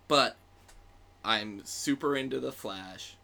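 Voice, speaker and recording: A man's voice: fairly high pitch, measured pace. A man chatting casually and playfully about comic books as a podcast host. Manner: playful, jokey, animated.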